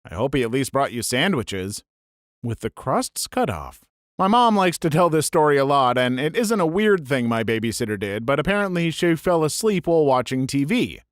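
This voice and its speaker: A man's voice: mid-range voice, big pitch swings, normal speed, no echo, studio quality. Man reading stories with wry jokes. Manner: wry, joking asides between stories. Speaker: narrator. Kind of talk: reading online stories aloud with wry commentary.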